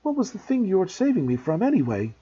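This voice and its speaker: A man's voice: high-pitched, wildly swooping pitch, fast, warm tone, breathy edge, pitched above the performer's own voice, exaggerated voice. A man voicing an earnest, questioning young schoolboy wizard, raising his voice, on a dull lo-fi recording. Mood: puzzled.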